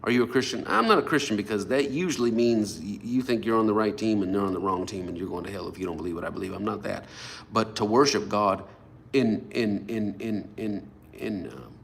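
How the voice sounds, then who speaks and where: A man's voice: fairly low pitch, steady tone, a little fast, creaky, a little hiss or hum. A middle-aged man preaching a sermon, talking animatedly and acting out the voices of people he quotes. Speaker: pastor.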